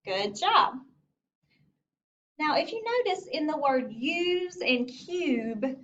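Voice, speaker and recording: Slow, lively-voiced woman teaching phonics. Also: high-pitched, slight background noise. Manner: slow, clear, encouraging teacher talk. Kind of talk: phonics lesson for young children. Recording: distant lo-fi recording.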